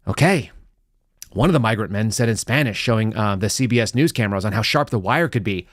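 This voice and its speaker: A middle-aged man hosting a live political commentary show, sarcastic and animated, dropping to a low mutter and then rising into loud outbursts. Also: brisk, no echo, studio quality. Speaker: podcast host.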